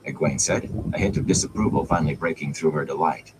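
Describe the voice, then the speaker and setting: A man reading a fantasy novel aloud in a measured storytelling manner, over steady background noise. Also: a bass voice. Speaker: audiobook reader.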